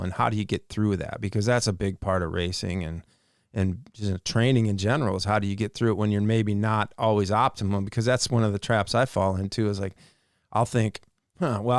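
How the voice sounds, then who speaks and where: Smooth low-voiced reflective man. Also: no echo, clean studio sound. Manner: reflective, thinks aloud. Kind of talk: casual podcast chat.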